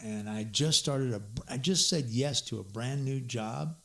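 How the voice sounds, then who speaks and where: A man's voice: mid-range voice, a little slow, vocal fry, fairly bright tone. A man co-hosting a podcast, telling a rambling story with frequent laughs and acted-out quoted voices. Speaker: podcast co-host. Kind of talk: casual storytelling.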